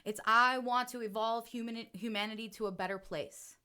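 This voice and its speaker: A woman's voice: a little high, steady tone, normal speed, sharp tone, clear, resonant tone. A woman co-hosting a spiritual podcast, talking earnestly and emotionally and often checking in with "right?". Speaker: podcast co-host and self-described channel.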